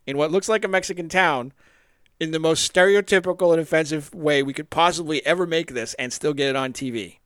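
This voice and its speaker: A man's voice: a little high, brisk, clean tone, no echo, studio quality. A man co-hosting a podcast in casual chat, telling stories with lots of laughter and acting out quotes. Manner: animated storyteller, acts out quotes, laughs often. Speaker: podcast co-host.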